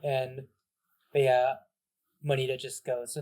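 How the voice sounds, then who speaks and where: A man's voice: mid-range voice, steady tone, moderate pace, a little mellow. A man narrating as game master in a tabletop game, in a loose, casual way full of "like"s. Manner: casual, filler-heavy narration with many "like"s.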